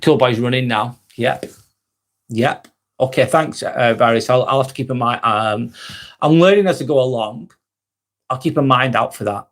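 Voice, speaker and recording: A man in his forties with a Lancashire accent from near Manchester chats through a live stream. He reads out viewer comments and answers each person by name in a friendly, thoughtful way. His voice sits at an ordinary middle pitch for a man. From Northwest England. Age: 40s. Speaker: live vlog host. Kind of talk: casual live-stream chat.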